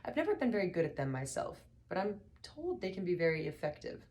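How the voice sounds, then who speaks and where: A woman's voice: lowish voice, big pitch swings, pitched above the performer's own voice. A woman voicing an elderly male planet builder, mild, wistful and vague, in an audiobook reading. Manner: gentle, slow, distracted speech with sudden sternness.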